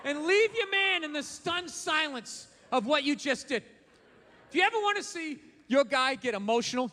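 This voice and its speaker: A man's voice: very high-pitched, sharp tone, in a large hall. A man performing a stand-up comedy set on a live stage mic, blunt, profane and ranting with sarcasm.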